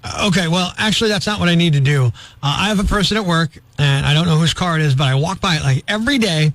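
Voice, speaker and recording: A male radio morning show host doing comedic talk, ranting in an animated, exasperated way with sarcastic asides, in a studio. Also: on the high side, quick pace, dry recording.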